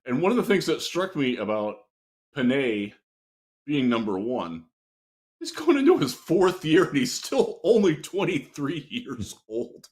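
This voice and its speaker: Laid-back man co-hosting with lively pitch. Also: measured pace. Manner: laid-back, candid, mildly profane. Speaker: podcast co-host. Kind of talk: casual sports podcast chat.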